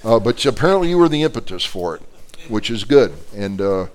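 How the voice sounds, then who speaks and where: A man's voice: fairly low pitch, very animated, fairly quick, a little mellow. A man teaching an adult Bible class as a pastor, telling stories animatedly with many fillers and restarts.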